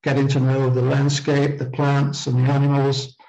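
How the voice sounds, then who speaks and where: A man hosting a conference, introducing the next speaker in a steady way with occasional fillers. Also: mid-range voice, moderate pace, dull audio. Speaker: conference host.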